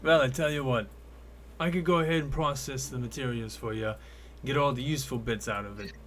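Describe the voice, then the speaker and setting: A man's voice: medium pitch, fairly quick, a bit bright, a little hiss or hum, natural voice. A man voicing an older male shopkeeper who is friendly and businesslike, haggling over prices in folksy merchant talk. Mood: bargaining.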